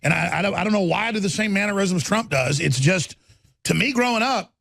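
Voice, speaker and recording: Gravelly ranting talk show host man. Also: sits high, fairly quick, a bit bright, dry recording. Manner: rambling, impassioned ranting. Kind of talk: radio talk show monologue.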